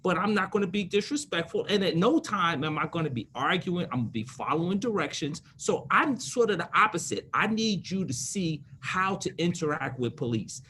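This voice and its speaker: A man's voice: sits high, expressive, moderate pace, few pauses, pushed and bright, a little hiss or hum. A man in his fifties, an attorney on a panel, telling stories emphatically and repeating words to drive points home. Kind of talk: panel discussion.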